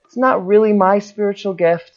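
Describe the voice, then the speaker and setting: A guest preacher giving an informal sermon as a personal story, animated and acting out the people in it. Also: medium pitch, normal speed. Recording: dull lo-fi recording.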